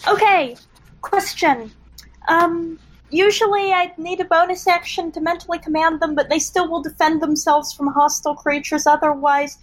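A woman's voice: extremely high pitch, steady tone, moderate pace, poor audio. A woman playing a tabletop game, thinking aloud with frequent fillers. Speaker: player.

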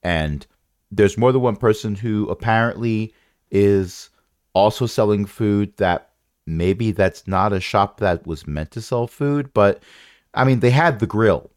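A man's voice: lowish voice, measured pace, darkish tone, no room sound, clean studio sound. A man running a tabletop game as game master, rambling and correcting himself with wry asides.

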